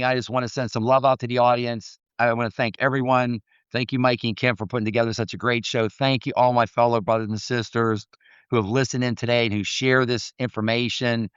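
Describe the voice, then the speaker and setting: A man's voice: mid-range voice, a bit bright, smooth, dry recording, dull audio. A man hosting a mindset coaching podcast, telling stories in an earnest, preachy motivational talk.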